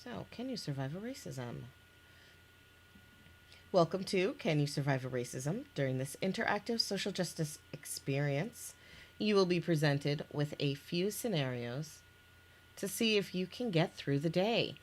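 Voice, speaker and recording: Lively low-voiced woman reading a game. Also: a little slow, a little hiss or hum. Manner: reads scenes aloud with restarts and laughs. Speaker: game maker presenting her game. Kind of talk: casual chat, reading game text aloud.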